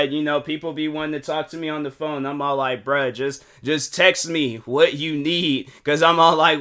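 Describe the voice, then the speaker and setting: A man's voice: on the high side, bright, forceful tone. A man hosting his own podcast, rambling with restarts and acted-out quotes. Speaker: podcast host. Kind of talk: casual solo monologue.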